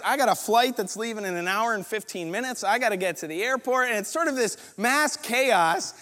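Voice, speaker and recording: A man preaching a storytelling sermon, animated and acting out the other people's lines in the story. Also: high-pitched. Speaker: pastor. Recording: long reverb of a large hall.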